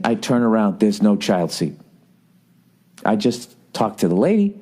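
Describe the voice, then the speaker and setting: A man's voice: fairly low pitch, very animated, a little slow, long pauses, darkish tone. A man in his forties hosting a podcast, telling a comic story in a profane, exasperated, ranting way. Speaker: podcast host. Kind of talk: comedic storytelling monologue.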